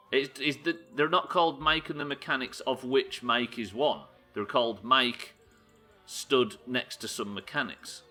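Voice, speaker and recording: A man talks through a game on a live stream, cracking jokes and swearing freely as he plans what to do next. His voice is bright and bouncy, rising and falling a lot, and faint game music plays behind him. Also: medium pitch. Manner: sweary, joking, thinking aloud. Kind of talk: casual gameplay commentary.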